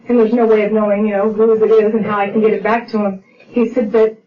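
A woman's voice: on the high side, flat delivery, fairly quick. A middle-aged woman sharing her recovery story as personal testimony, heartfelt and full of acted-out dialogue and restarts. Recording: distant, dull lo-fi audio with faint noise.

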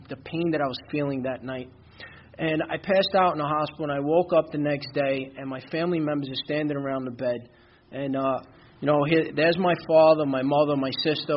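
A man's voice: medium pitch, dull audio, a little hiss or hum. Candid New man sharing his story. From Brooklyn, New York. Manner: candid, rambling, peppered with "you know". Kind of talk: personal testimony at a recovery meeting.

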